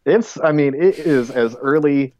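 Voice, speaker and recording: A man's voice: fairly high pitch, unhurried, mellow, dry recording, highs cut off. Rambling man in casual podcast chat. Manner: rambling, full of "like" and restarts. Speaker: podcast co-host.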